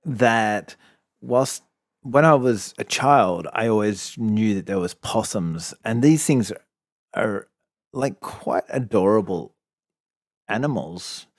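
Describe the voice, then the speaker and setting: An Australian man co-hosts a casual podcast, telling rambling, chatty stories and laughing often. His voice is fairly low and darkish, recorded cleanly in a studio with no room sound.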